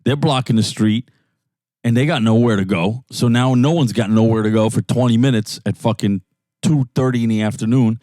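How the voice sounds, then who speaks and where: A man's voice: medium pitch, brisk, no room sound. A man with a New York accent co-hosting a casual car podcast, swearing and acting out angry people in raised voices. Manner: loud, swearing, acts out rants in raised voices. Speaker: podcast co-host. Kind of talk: casual profane banter in a car. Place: inside a jeep.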